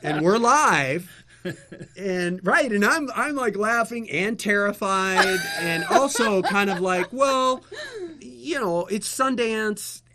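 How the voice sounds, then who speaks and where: A man, a guest and former TV interviewer, telling a lively story in casual chat with laughter. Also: high voice.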